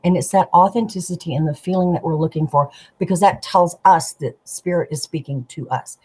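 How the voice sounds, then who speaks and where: A woman, a tarot deck artist, chatting as a guest and telling animated stories, acting out the people she quotes. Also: fairly low pitch, fairly quick, slightly rough, low-quality recording. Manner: animated storyteller, giggly, acts out quoted voices. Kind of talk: casual storytelling chat.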